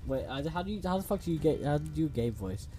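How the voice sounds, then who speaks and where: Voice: mid-range voice, expressive, very fast, warm tone, faint music behind. A streamer chatting casually over a story game, reading the characters' lines aloud in playful voices and swearing in slangy asides. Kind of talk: casual gaming livestream commentary.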